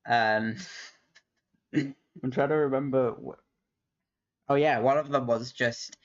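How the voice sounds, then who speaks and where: A man's voice: mid-range voice, steady tone, slow pace. A man hosting a live stream, rambling in casual chat, laughing often and swearing freely. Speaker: livestream host. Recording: dull lo-fi stream audio.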